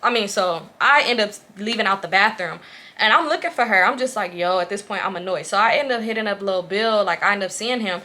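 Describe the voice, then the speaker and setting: A woman in her late twenties, a vlogger telling a storytime tale, profane and animated. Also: medium pitch, a little fast. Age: late 20s. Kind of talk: casual storytime.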